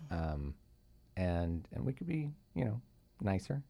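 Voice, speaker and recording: A man's voice: sits low, sing-song, takes it slowly, gravelly, dark tone, no room sound. Curious male podcast host, questions. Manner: curious, asks lots of questions. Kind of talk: casual interview chat.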